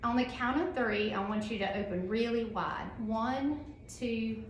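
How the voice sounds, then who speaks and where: A woman instructor leads a hands-on classroom demonstration, loud and upbeat, easing into a slow, soothing tone for a patient now and then. Her voice sits a bit high. The room rings with echo over faint background noise. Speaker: dental assisting instructor.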